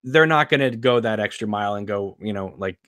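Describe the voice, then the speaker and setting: A man's voice: lowish voice, fairly quick, fairly bright tone, smooth, dry recording. A man hosting a podcast in casual chat, hesitant with many ums and you-knows. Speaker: podcast host.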